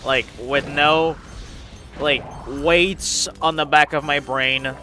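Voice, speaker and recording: A man's voice: fairly high pitch, steady tone, takes it slowly, pushed and bright, faint music behind. A man chatting casually while playing a video game, rambling with lots of "like" and laughter. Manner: rambling, laughing, heavy use of "like". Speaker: gaming channel host. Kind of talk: casual let's-play commentary.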